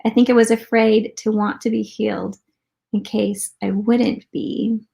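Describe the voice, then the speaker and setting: Woman with a gravelly fry reading a viewer comment out loud, affirming tone. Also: medium pitch, level tone, measured pace. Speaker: co-host. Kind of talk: casual faith talk, reading a comment.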